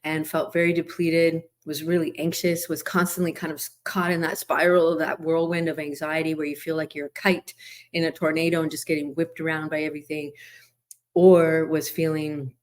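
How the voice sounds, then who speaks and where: A middle-aged woman with a somewhat low voice hosts her own podcast. She tells a personal story in a candid, reflective, chatty way. She often pauses and restarts her sentences. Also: little pitch movement. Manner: candid, reflective, conversational with fillers. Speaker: podcast host. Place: lives in Hawaii.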